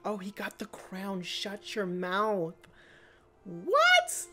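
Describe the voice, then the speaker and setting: A woman hosting a video reaction to a TV episode, chatty and excitable, calling viewers honey. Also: medium pitch, takes it slowly, faint music behind.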